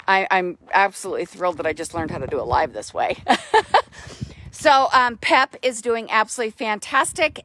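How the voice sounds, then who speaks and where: A woman giving a casual live video update about her horse, excitable and gushing, repeating herself, talking into a phone held close outdoors. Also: fairly high pitch, no echo. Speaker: horse owner vlogger.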